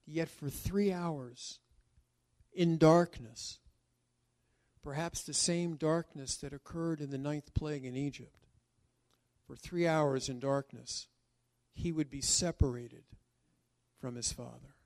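A male pastor delivering a sermon at a slow, deliberate pace. He preaches emphatically, with dramatic pauses and drawn-out words, in a somewhat high voice. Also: a little mellow.

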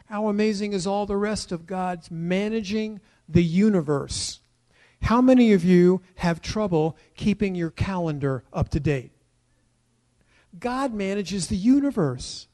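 A middle-aged man preaching a sermon, emphatic and building to loud declarations. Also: on the high side. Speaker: pastor.

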